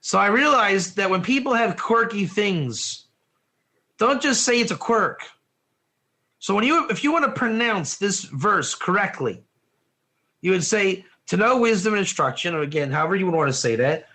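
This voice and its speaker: Bright, high-voiced male teacher, animated and joking, keeps quizzing his class. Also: moderate pace. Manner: animated, asks the class questions, often says "one or two", laughs at own jokes. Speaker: Torah teacher. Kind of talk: lively online class lecture.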